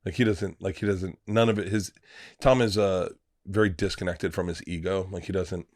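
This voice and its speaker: Profane, animated comedian man telling stories. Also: deep voice, moderate pace, dry recording, clean studio sound. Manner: profane, animated storyteller acting out quotes. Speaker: comedian guest. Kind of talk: casual podcast chat.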